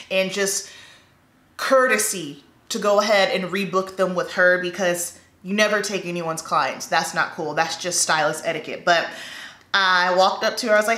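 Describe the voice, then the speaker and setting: A woman chatting animatedly as she does her makeup, telling salon stories and acting out what people said. Her voice is bright and forward. The room is echoey and she sounds hollow. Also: on the low side, moderate pace. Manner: chatty, animated, acts out dialogue. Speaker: hairstylist and makeup artist. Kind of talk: casual get-ready-with-me storytelling. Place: indoors at home, doing makeup.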